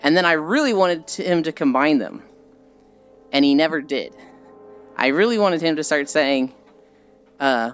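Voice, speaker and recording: A woman's voice: sits low, expressive, measured pace, long pauses, highs cut off, soft background music. A woman streamer chatting casually and rambling with frequent giggles while she walks. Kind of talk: casual chat while walking.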